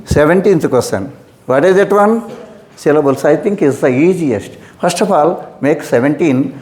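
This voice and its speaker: A man's voice: fairly high pitch, expressive, normal speed, darkish tone, reverberant. A man teaching an English exam lesson who repeats his instructions and calls his students "my dear".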